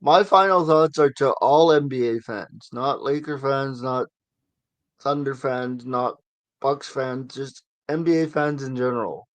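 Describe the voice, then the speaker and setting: A man's voice: medium pitch, a little slow. A man hosting a sports talk show in a loose, chatty way, with a mid-range voice. He tosses in sarcastic asides as he wraps things up. The sound is dry and close, with no room echo. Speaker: sports podcast host. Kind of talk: casual sports chat.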